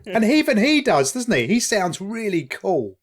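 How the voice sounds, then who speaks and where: Animated East man chatting. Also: high voice, a little slow. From East London. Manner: animated, swears freely, laughs often. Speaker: podcast co-host. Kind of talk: casual chat.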